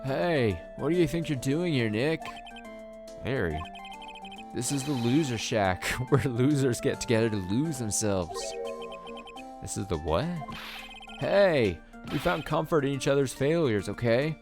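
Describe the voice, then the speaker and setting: A man's voice: mid-range voice, expressive, unhurried, pitched above the performer's own voice. A man doing a brash, whiny loser guy. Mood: defensive. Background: game music.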